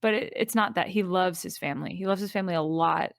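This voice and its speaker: A woman's voice: lowish voice, fast talker, gravelly, dry recording, studio quality. A woman guest on a podcast, talking enthusiastically in casual chat, rambling with many fillers.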